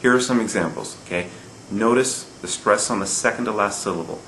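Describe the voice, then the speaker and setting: A man's voice: lowish voice, fairly quick, hardly any pauses, sharp tone, reverberant, a little hiss or hum, poor audio. A man teaching a lesson on Spanish word stress, patiently repeating each rule and often checking in with his listeners. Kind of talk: recorded classroom lesson.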